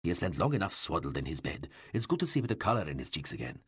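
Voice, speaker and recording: A man voicing a grey-bearded older ruler who speaks with calm, measured authority in an audiobook. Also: rumbling low, breathy edge, dry recording, studio quality, pitched below the performer's own voice, heavily acted. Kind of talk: audiobook character voice.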